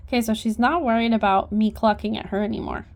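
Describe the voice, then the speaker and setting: A woman's voice: a little high, steady tone, fast talker, darkish tone. A woman horse trainer giving casual instruction, chatty and coaxing as she talks to her horse.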